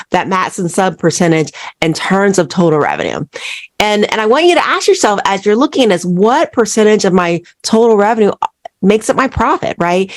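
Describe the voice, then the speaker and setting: A woman's voice: mid-range voice, no echo, studio quality. A woman hosting a solo business podcast. She keeps putting questions to her listeners and tags "right?" onto her points. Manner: asks listeners repeated rhetorical questions, says "right?" often. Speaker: podcast host and accountant.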